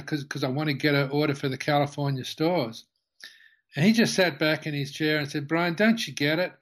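In an interview, a company founder in his later years works through a long story in a halting way, full of restarts and fillers. His pitch is fairly high and his tone fairly bright.

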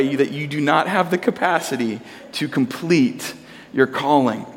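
A man in his thirties, a pastor, delivers an animated sermon story, his voice sitting a little above the usual range for a man. He jumps into his children's voices as he tells it. The sound carries a long hall reverb, as if heard from a church sanctuary. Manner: animated storyteller, acting out his kids in a high voice.

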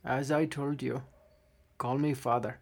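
A man voicing a gentle, proud old male deep gnome who is dying, speaking softly and haltingly. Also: fairly even intonation, vocal fry. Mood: tender, fading. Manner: soft, slow and halting.

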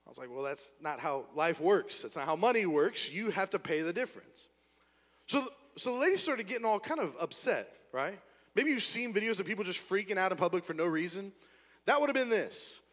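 A man preaching a sermon, telling a story with lively acted-out scenes and a volunteer on stage. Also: high-pitched, fairly quick, in a large hall. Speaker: pastor. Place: church auditorium.

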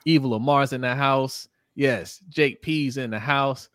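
A medium-pitched, unhurried male voice recorded cleanly in a studio with no room sound. He co-hosts a sports livestream, animatedly reading viewer comments aloud, greeting each chatter by name and laughing often.

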